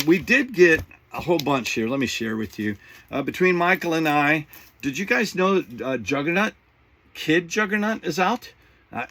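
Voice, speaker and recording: A man's voice: medium pitch, fairly bright tone. A middle-aged man hosting a podcast, chatting casually and rambling with jokes and laughs as he shows off new comic books. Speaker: podcast host. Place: home studio setup.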